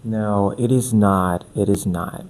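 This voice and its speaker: A man's voice: lowish voice, steady tone, slow, darkish tone. Man explaining as a coach. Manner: explanatory, repeats phrases for emphasis. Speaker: accent coach. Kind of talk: podcast interview.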